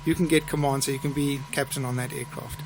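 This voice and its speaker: A middle-aged man with a South African accent, a pilot who hosts a live show and tells stories in a chatty, relaxed way. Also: mid-range voice, quick pace, slight background noise. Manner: chatty, relaxed storyteller with restarts. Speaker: airline pilot and show host. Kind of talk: live show chat and anecdote telling.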